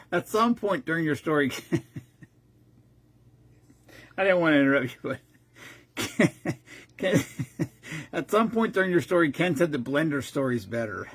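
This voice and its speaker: Man, livestream co-host, husky, jokey and crude. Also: fairly high pitch, big pitch swings, unhurried, long pauses, a bit bright. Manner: teasing, crude wisecracks. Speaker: co-host reading viewer comments. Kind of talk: casual livestream banter.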